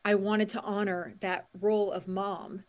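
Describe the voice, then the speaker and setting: A middle-aged woman, a mindset coach and author, talking as a podcast guest, animated and acting out quotes with frequent laughs. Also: mid-range voice, unhurried. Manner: animated storyteller, acts out quotes and laughs often. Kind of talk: podcast interview.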